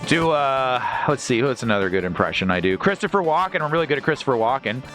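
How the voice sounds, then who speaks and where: Animated man streaming a game. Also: mid-range voice, quick pace. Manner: jokey, animated banter. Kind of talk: casual gaming commentary. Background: game music.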